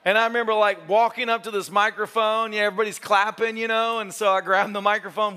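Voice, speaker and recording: High, bright-voiced animated male pastor. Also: fairly quick, clean tone. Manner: animated, joking, acts out quotes. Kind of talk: sermon with storytelling. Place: church sanctuary.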